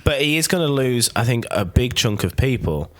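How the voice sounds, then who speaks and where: A man hosts a podcast, chatting casually and rambling with many restarts. His voice is medium-pitched and animated at a normal speed.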